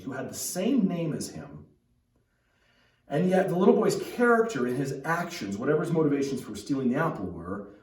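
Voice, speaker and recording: A man's voice: mid-range voice, darkish tone. Male pastor, echoey and distant. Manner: conversational, with many restarts and tag questions. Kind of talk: sermon. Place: church.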